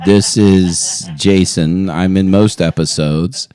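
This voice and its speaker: Slow, low-voiced laid-back man. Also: fairly even intonation, mellow. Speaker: regular podcast guest. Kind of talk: casual chat.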